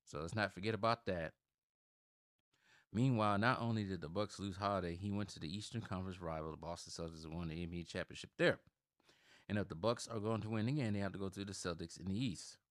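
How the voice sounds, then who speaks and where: A man's voice: deep voice, fast talker, no room sound, clean studio sound. A man in his thirties from Milwaukee hosting a sports channel, giving opinionated commentary that turns heated and emphatic when he rants. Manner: heated, gets loud and emphatic when ranting.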